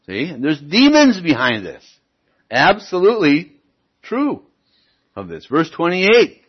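A man's voice: fairly high pitch, wildly swooping pitch, a little slow, husky. A man preaching a sermon and reading Bible verses aloud, stressing lines emphatically with wry asides. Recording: dull lo-fi recording.

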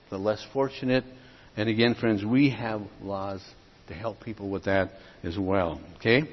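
A man's voice: mid-range voice, husky. A man preaching a sermon to his congregation, earnest and plain-spoken, often asking his listeners questions and calling them friends. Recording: dull echoing hall.

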